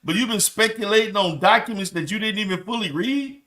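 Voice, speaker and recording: A man's voice: high voice, fairly quick, bright, forceful tone. A man reacting to clips with exasperated, mocking commentary, laughing between lines and cursing.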